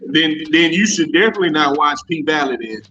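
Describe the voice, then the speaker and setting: A man from the South, chatting casually as a podcast host, animated and profane with frequent restarts. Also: a little high, brisk. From American South. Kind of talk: casual chat. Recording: muffled lo-fi audio with faint noise.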